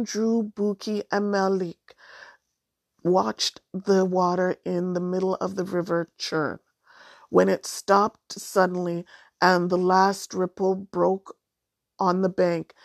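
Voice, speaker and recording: A woman reads a children's storybook aloud at a slow, measured pace. Her voice sits fairly low, and the recording is dry and close with no room sound. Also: vocal fry, no echo. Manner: measured, even reading. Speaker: audiobook narrator. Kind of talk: storybook narration.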